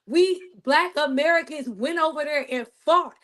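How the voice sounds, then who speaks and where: High pitched woman going off in a livestream chat, insistent, keeps repeating herself. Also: moderate pace, fairly bright tone. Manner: emphatic, insistent, repeats points. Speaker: co-host. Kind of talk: heated casual discussion.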